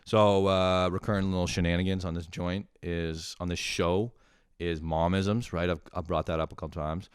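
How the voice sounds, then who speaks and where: A man hosting a comedy show, telling rambling stories in a profane, animated, casual way. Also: low voice, normal speed, smooth, dry recording, studio quality. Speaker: comedian host.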